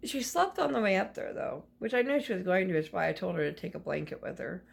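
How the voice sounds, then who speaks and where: A woman's voice: lowish voice, big pitch swings, fast, vocal fry, husky. A woman vlogger speaking into her phone camera, telling a personal story in a rambling, confiding way with many restarts.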